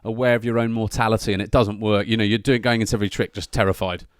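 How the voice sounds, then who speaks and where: A man hosting a podcast interview, speaking in a halting, casual way with many fillers. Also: fairly low pitch, steady tone, no room sound, studio quality. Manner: halting, full of fillers and restarts. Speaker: podcast host.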